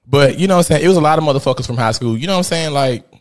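A man, a podcast host telling a rowdy, profane story in casual chat, jumping between loud outbursts and muttered asides. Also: on the high side, racing. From Memphis, USA. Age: 30s.

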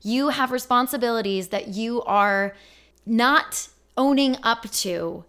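A woman's voice: fairly high pitch, takes it slowly, a bit bright, smooth. A woman hosting a podcast in casual chat, blunt and emphatic, swearing freely as she tells stories. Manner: storytelling with acted-out quotes. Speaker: podcast host.

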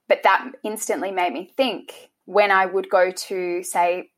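A young woman, interviewed about her past, speaking in a soft, halting way and often restarting her sentences. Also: lowish voice. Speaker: interview guest. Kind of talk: emotional personal interview.

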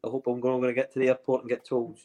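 A man's voice: medium pitch, completely flat delivery, very fast, warm tone. A man with a Scottish accent, co-hosting a podcast in casual, sweary, teasing banter. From Scotland. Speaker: podcast co-host, former footballer.

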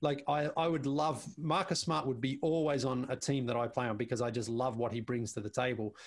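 A man's voice: mid-range voice, a little fast. Man telling stories with restarts. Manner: animated storyteller, frequent restarts and repeated words. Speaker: basketball show panelist as guest. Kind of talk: casual interview chat.

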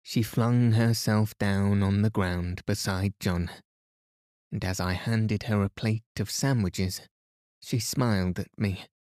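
A man narrating a novel as a calm bedtime reading. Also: fairly low pitch, no echo, clean studio sound. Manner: soft, soothing, unhurried. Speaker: audiobook narrator.

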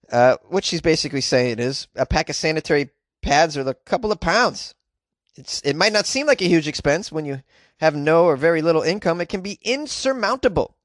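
A man's voice: fairly high pitch, expressive, brisk, dry recording, clean studio sound. A man hosting a podcast, reading news stories aloud and riffing on them with sarcastic, rambling asides and casual swearing. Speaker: podcast host.

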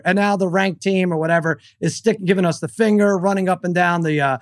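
A middle-aged man co-hosting a casual podcast chat, telling stories with animated energy. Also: high-pitched, fast, hardly any pauses, dry recording, studio quality. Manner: animated storyteller who acts out his own yelling. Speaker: co-host.

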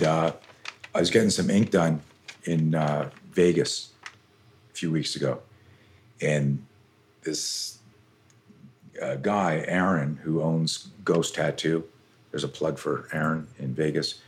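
A middle-aged self-defense coach tells stories on a podcast interview, speaking intensely and animatedly and swearing casually. His voice is bass with a darkish tone.

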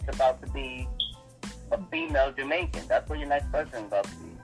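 A man's voice: mid-range voice, racing, darkish tone, soft background music, poor audio. A man co-hosting a casual commentary podcast, talking crudely and animatedly in streetwise slang. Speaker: podcast co-host. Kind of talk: casual commentary, reads news aloud.

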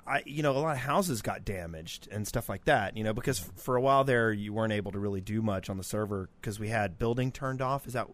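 Rambling man with a low voice. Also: fast, hardly any pauses. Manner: rambling, many restarts and laughs. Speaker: podcast co-host. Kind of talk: casual chat.

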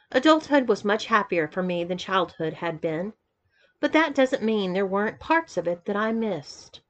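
A woman narrating a first-person story in a measured, even reading voice. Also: medium pitch. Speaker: audiobook reader.

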